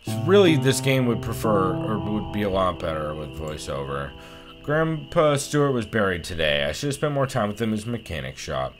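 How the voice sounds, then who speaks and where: A let's play host casually comments on the game he's playing, swearing a lot, reacting loudly, and reading the game's diary text aloud with sarcasm. His voice is on the low side and sing-song, at a normal speed, with faint music in the background.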